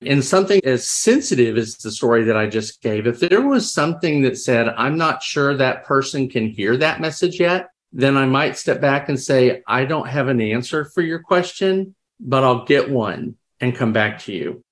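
Speaking at a moderate pace with few pauses, a man with an expressive, medium-pitched voice shares his experiences as a crisis responder on a podcast. The storytelling is reflective and conversational; he frequently restarts sentences and acts out what people said.

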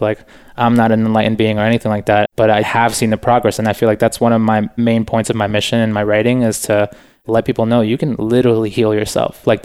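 A young man speaks as a podcast guest in an earnest, unhurried way, dropping "like" and "you know" often. His voice sits a little low and smooth, and it moves within a narrow pitch range. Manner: relaxed, earnest, many "like" and "you know" fillers. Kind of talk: casual interview chat.

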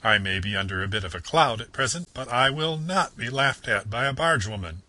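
A man voicing a boastful, conceited male toad gentleman from a storybook, excitable and pompous. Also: medium pitch, slow, breathy edge, voice pushed up, exaggerated voice. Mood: indignant. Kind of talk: reading a storybook excerpt aloud.

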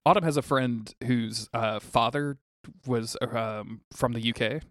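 A man's voice: mid-range voice, a little slow, fairly bright tone, no room sound, clean studio sound. A young man co-hosting a podcast in casual chat, cursing freely and trailing off mid-sentence. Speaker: podcast co-host.

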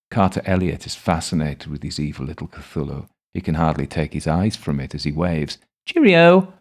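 A man calmly narrating a first-person audiobook story in a measured way. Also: very deep voice.

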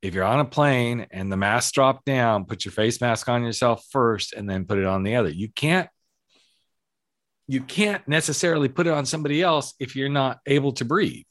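This podcast host, a speaking coach, tells stories and performs quoted dialogue during a relaxed interview-style conversation. He talks at a moderate pace in a mid-range voice. Studio-quality recording, with no room sound.

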